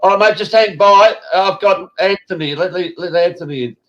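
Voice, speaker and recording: A man's voice: high voice, moderate pace, a bit bright, dull audio. A man hosting a live-stream chat, rambling and swearing casually. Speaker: host.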